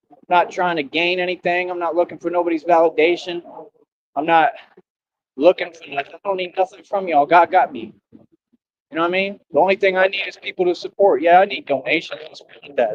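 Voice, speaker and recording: A man in an impassioned streamed rant, preachy and defiant, swinging between shouting and low brooding. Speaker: livestreamer. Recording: dry, dull lo-fi stream audio.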